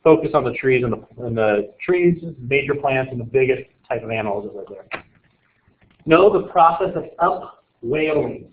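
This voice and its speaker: A man's voice: medium pitch, animated, normal speed, slight background noise. A male teacher running a casual exam review, joking and quizzing his students as he rambles. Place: classroom. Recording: echoey classroom on tinny lo-fi audio.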